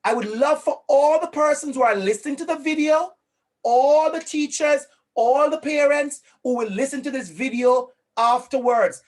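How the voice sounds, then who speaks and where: A man from Jamaica with a Jamaican accent, presenting an interactive online workshop over a video call in an energetic, encouraging way, often repeating phrases for emphasis. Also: very high-pitched.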